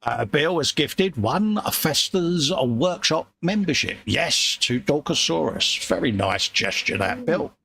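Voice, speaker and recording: A man's voice: fairly high pitch, lively intonation, a little slow, vocal fry, few pauses, pushed and bright, husky. A man hosting a casual livestream, chatty and matey as he reads out viewer messages. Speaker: livestream host reading chat.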